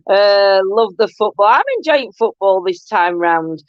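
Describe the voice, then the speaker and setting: A woman with an expressive, medium-pitched voice speaks at a moderate pace while hosting a casual live-stream chat. She rambles along chattily and breaks into frequent laughter, with no room sound in a dull, dry lo-fi recording.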